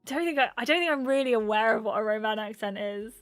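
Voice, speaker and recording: A woman's voice: on the high side, brisk, few pauses, a bit bright, no echo, soft background music. An English woman streaming casually, chatting with her viewers in a rambling way and laughing often. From England. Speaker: streamer reading chat. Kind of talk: casual livestream chat.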